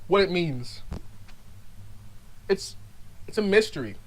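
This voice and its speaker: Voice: expressive, unhurried, pauses often, rough recording. Stammering mock-serious rambling vlogger. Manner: swings between loud outbursts and low mumbling. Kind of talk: rambling ironic monologue.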